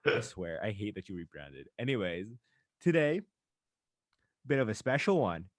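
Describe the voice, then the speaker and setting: A young man hosting a podcast in casual chat, ranting animatedly with quick asides. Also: fairly low pitch, big pitch swings, no echo, studio quality. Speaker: podcast host.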